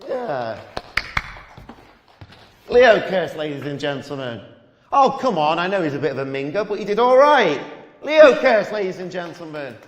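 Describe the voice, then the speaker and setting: A man's voice: on the high side, big pitch swings, normal speed, pauses often, slight background noise. An actor playing a cheeky male comedy club host, coaxing the crowd with teasing remarks as he announces from the stage. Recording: echoey hall reverb.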